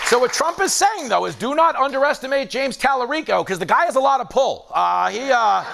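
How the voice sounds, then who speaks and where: Comedy host, male, high and very animated, monologue style over a laughing studio crowd. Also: a little fast, gravelly, heavy background noise. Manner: animated, mimics people in voices. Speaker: late-night comedy host. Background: studio audience laughing.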